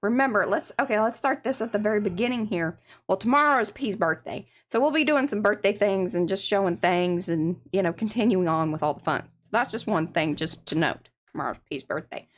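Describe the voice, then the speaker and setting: A woman's voice: medium pitch, animated, brisk. A woman hosting an art livestream, chatting casually and greeting viewers by name. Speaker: livestream art show host.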